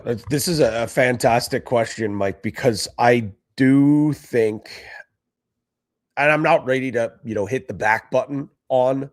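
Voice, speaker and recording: Measured male lacrosse broadcaster guest. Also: mid-range voice, no echo. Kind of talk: casual sports talk.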